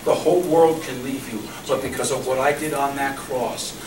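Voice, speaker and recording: Passionate pastor preaching in an echoey hall. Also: male voice, medium pitch, moderate pace, few pauses. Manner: passionate, swings between loud emphasis and hushed repetition. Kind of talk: sermon. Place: church hall. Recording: echoey room recorded from far off with background noise.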